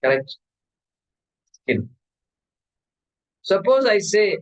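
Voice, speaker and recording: On a low-quality recording, a teacher gives a Vedanta discourse in an animated, questioning way, asking his audience one question after another. His voice is on the high side and his speed normal.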